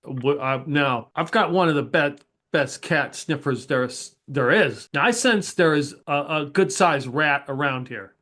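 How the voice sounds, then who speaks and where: A man's voice: a little high, a little slow, few pauses, bright, forceful tone. Man running a playful tabletop game. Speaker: game master. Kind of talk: narrating a tabletop game with voiced characters.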